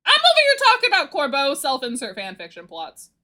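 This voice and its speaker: High, lively, bright-voiced woman streamer. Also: a little fast. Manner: rambling, animated storytelling with frequent giggles. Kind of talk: casual livestream chat.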